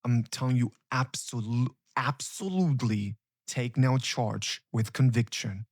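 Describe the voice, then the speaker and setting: A man's voice: medium pitch, measured pace, darkish tone, no echo, studio quality. A man coaching listeners on emotional healing, speaking emphatically and repeating key phrases with urgency. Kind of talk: motivational coaching talk.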